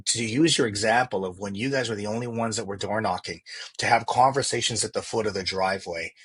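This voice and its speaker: A man's voice: fairly low pitch, fairly bright tone, husky. A man talking earnestly as a podcast guest, often restarting and repeating words. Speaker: real estate agent, podcast guest. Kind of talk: casual interview chat.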